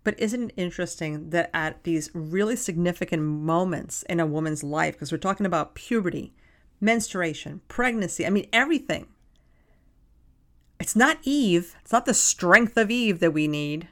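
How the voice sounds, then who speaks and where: A woman's voice: on the low side, animated, moderate pace. A woman co-hosting a podcast, making her points emphatically and acting out little quotes in casual chat. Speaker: podcast co-host.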